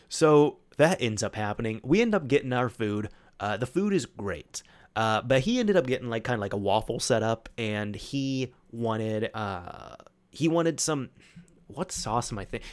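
A man's voice: medium pitch, normal speed. Man, podcast host, casual storytelling, rambling, mid-range voice. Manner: rambling, with many restarts and fillers; quotes friends in animated retellings.

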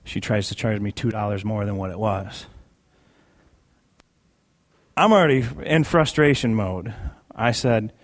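A man's voice: lowish voice, normal speed. A man sharing a personal testimony in a sermon, conversational and emphatic, repeating key phrases for weight. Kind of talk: sermon storytelling.

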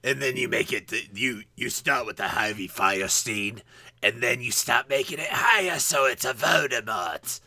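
A man's voice: mid-range voice, moderate pace, pushed and bright, dry recording. A man on a casual podcast, coaching a friend step by step on how to do a voice. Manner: coaching, instructive. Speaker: podcast co-host. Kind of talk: casual chat.

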